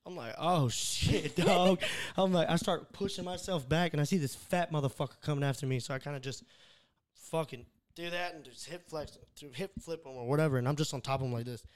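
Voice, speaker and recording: A man's voice: a little high, fast talker. A man telling a rowdy story in a casual podcast chat, swearing freely and acting out what people said. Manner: animated, swears a lot, acts out quotes. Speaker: podcast host.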